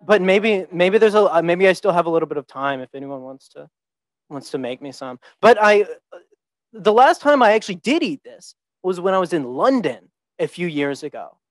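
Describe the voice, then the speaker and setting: An easygoing young man from the southern United States talks a class through his slides, self-deprecating and a little hesitant. His voice sits a bit high for a man and sounds dry and close. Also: big pitch swings, moderate pace, no room sound. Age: young adult. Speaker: teaching fellow presenting. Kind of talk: informal class presentation.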